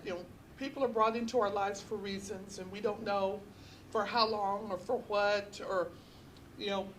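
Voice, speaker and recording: A woman's voice: mid-range voice, slight background noise. A woman sharing personal memories of a friend at a memorial gathering, telling stories with laughter and tenderness. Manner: storytelling, often laughing while recalling, then tender. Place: memorial gathering at a funeral home.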